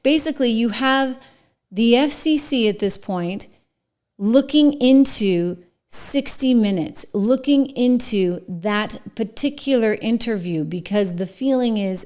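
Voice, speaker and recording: Female host, emphatic and sarcastic news commentary, mid-pitched. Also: a little mellow.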